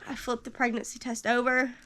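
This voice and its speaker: A woman's voice: on the high side, level tone, a little fast, bright, forceful tone. A woman vlogger telling a personal story in a casual, chatty way, step by step, with frequent ums.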